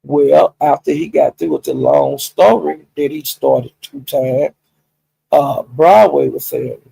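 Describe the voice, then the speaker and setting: A man's voice: a little high, takes it slowly, gravelly, slightly rough, no echo, rough recording. A man retelling a story in a casual, profane gossip style, often stopping to check in with his listeners. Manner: profane, animated, talks directly to listeners. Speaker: storyteller recapping a livestream.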